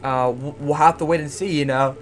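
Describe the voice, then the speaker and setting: Young man, casual commentary, higher pitch, rambling, stutters and repeats, self-mocking, faint background music. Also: steady tone, a little fast. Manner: rambling, stumbles and repeats words; self-mocking, jokey asides. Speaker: YouTuber and league coach. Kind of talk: casual draft analysis commentary.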